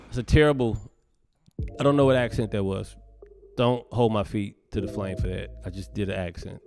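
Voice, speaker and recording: Give me a low-voiced man from the US, a comedian ranting alone on his podcast, cursing, sometimes loud and sometimes hushed, with a gravelly edge. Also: steady tone, fairly quick, soft background music. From United States. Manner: profane, emphatic ranting that swings between loud and hushed. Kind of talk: solo podcast monologue.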